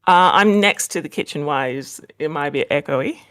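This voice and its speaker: A woman's voice: deep voice, normal speed, fairly bright tone. An Australian woman chatting casually on a video call from her home near the kitchen, rambling with lots of fillers and laughs. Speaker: guest. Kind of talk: casual chat.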